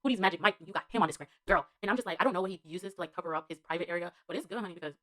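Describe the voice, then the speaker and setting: A woman's voice: on the low side, racing, fairly bright tone. A woman giving a casual spoken TV show review as a vlogger. She rambles and gushes, fills her talk with slang and fillers, and laughs between remarks.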